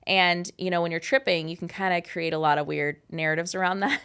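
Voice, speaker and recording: A woman in her thirties telling a personal story in a casual, animated, candid way, with frequent swearing. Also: fairly low pitch, a little fast, clear, resonant tone. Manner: animated, candid and profane, with many "like" fillers. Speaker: host.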